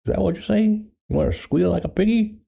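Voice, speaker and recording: A man's voice: sits high, fairly quick, creaky, dark tone, pitched above the performer's own voice, full character voice. A man putting on the voice of a menacing rural backwoods man who taunts with mocking questions.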